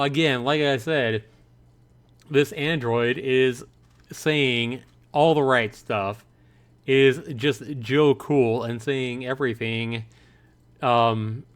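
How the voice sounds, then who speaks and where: Man reading a visual novel on stream. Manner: animated, voices his own reactions in a higher, louder pitch. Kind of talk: livestream commentary, reading game text aloud.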